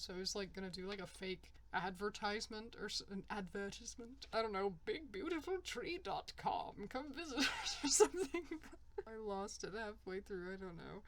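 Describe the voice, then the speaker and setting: A woman's voice: medium pitch, animated, fairly quick. A woman narrating a casual crafting vlog at home, chatty and self-mocking, often breaking into laughter. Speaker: crafting vlogger. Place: home apartment.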